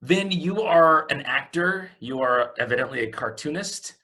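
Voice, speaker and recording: A man's voice: on the high side, expressive, normal speed, sharp tone, faint music behind. Man hosting with a dry, teasing wit. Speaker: host. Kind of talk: comedic talk show hosting.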